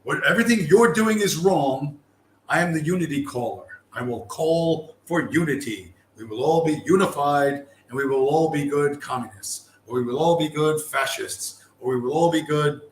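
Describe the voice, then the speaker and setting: A man's voice: on the high side, moderate pace, echoey room, slight background noise, natural voice, low-quality recording. A man putting on a mocking voice as a self-important preacher of unity, talking in a preachy, pompous way.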